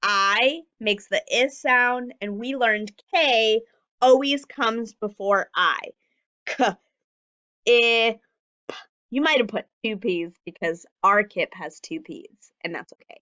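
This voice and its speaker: A woman leads a recorded phonics lesson for young children. She talks slowly and clearly, stretching each letter sound so it can be repeated. Her pitch sits in the middle range. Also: sharp tone, highs cut off. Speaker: teacher.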